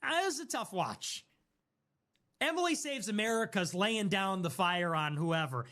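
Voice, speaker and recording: A man with a high, light voice riffs on a live stream. He rants casually and sarcastically, pushing provocative lines on purpose. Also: expressive, normal speed, sharp tone.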